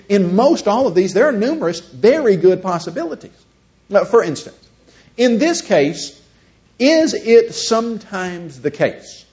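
In a dull, lo-fi recording, a man with a high, slightly mellow voice gives a conversational teaching lecture. He keeps posing rhetorical questions to his listeners.

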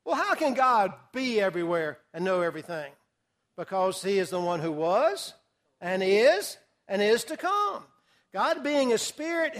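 A man leads a Bible class in a high-pitched voice. He talks emphatically, repeating key words for weight. He keeps asking his listeners questions and echoing back what they answer. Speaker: Bible teacher. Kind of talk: interactive Bible study lesson.

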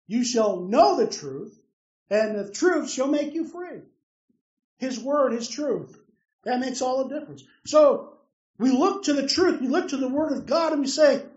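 A man's voice: very high-pitched, a little mellow. A man preaching a sermon, emphatic, putting questions to his listeners and answering them himself. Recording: roomy, distant, dull lo-fi sound.

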